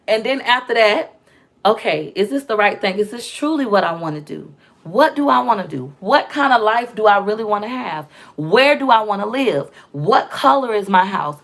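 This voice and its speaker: A woman, chatting casually to viewers as host in a blunt, profane, animated way. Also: on the high side, gravelly. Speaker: vlog host reading comments. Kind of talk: casual live chat.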